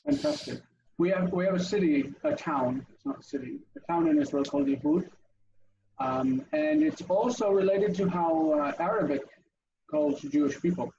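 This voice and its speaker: Gravelly, animated man teaching online. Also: fairly high pitch, normal speed, highs cut off, background noise. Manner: animated, asks students in turn, thinks aloud. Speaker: teacher leading an online class. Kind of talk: interactive online language lesson.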